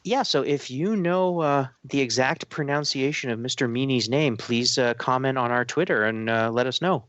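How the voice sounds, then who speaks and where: A man's voice: mid-range voice, normal speed, few pauses, a bit bright, no room sound. Chatty Irish man hosting a podcast. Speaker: podcast host. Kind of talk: casual podcast chat.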